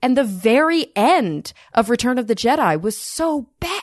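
A woman's voice: on the high side, no room sound, studio quality. A woman co-hosting a podcast, talking in a casual, emphatic way and reading a listener email aloud. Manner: animated, emphatic, quick to laugh. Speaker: podcast co-host.

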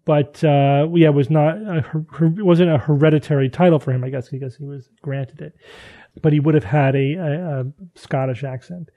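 A man's voice: fairly high pitch, moderate pace, lo-fi sound. A man hosting a casual science podcast, reading out listener emails and acting out quotes with lots of restarts. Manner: animated, acts out quotes, frequent restarts. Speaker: podcast host.

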